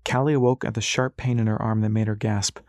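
A man's voice: on the low side, little pitch movement, fast, darkish tone, dry recording, clean studio sound. A man reading a fantasy novel aloud as scripted narration, shifting his voice slightly for the characters. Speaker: audiobook narrator.

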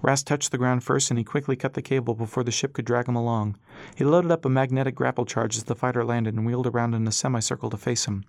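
A man's voice: mid-range voice, steady tone, fast, darkish tone, dry recording. Man narrating an adventure audiobook. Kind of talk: scripted narration.

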